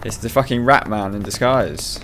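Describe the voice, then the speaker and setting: A gamer commentating over his playthrough in a voice of ordinary pitch. He is exasperated and sarcastic and swears often, with faint game music behind him. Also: normal speed, a bit bright. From United Kingdom. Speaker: let's play gamer. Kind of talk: gameplay commentary.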